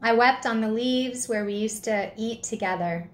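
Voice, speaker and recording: A woman narrating a children's story in a gentle reading voice. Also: a little high, normal speed.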